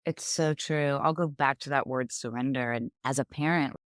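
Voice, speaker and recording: A middle-aged woman, a podcast guest, telling personal stories in an animated way and acting out quoted dialogue. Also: rumbling low, moderate pace, no room sound, studio quality. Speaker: guest, author and business owner. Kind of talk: conversational storytelling.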